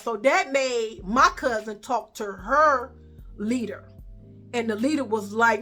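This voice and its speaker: A woman with a Chicago accent tells a story straight to the camera, loose and profane. She jumps into the voices of the people in it as she goes. Her voice sits high and bright. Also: a little slow, faint music behind. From Chicago, USA. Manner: animated, profane, acts out quoted voices. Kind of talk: casual storytime.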